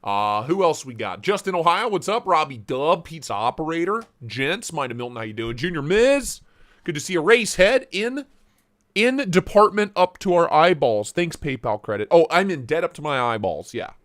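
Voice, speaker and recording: A man's voice: a little high, animated, moderate pace, a bit bright. A man hosting a casual live stream, joking around and greeting viewers by name. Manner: playful, jokey, reads chat names aloud. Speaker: livestream host.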